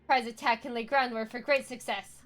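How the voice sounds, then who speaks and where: A woman's voice: a little high, fairly even intonation, normal speed, fairly bright tone, soft background music, lightly acted. A woman voicing a jovial, boastful male mercenary who speaks in broken grammar and refers to himself by name. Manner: jovial and swaggering.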